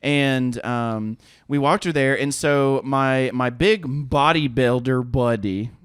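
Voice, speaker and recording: A man's voice: medium pitch, takes it slowly, smooth, no room sound. A man in his thirties, co-hosting a podcast, telling a story in casual chat with lots of laughter and acted-out quotes. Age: 30s. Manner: animated, profane, laughs often, acts out quotes. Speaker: podcast co-host.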